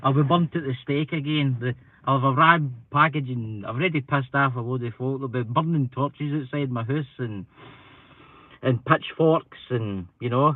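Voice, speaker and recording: A man's voice: mid-range voice, normal speed, no room sound. A Scottish man chatting casually on a live stream, rambling and self-deprecating, a bit stuffy with hay fever. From Scotland. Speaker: paranormal channel live streamer. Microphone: computer mic. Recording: tinny phone-like sound, dry.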